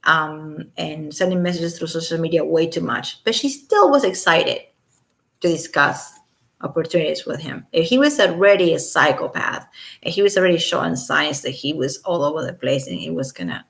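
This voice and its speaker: A woman's voice: on the low side, gravelly, a bit bright. A woman at home reading a court filing aloud and breaking off into sarcastic, incredulous commentary, sometimes dropping to a whisper. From Los Angeles resident. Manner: sarcastic, incredulous asides, occasional whispered remarks.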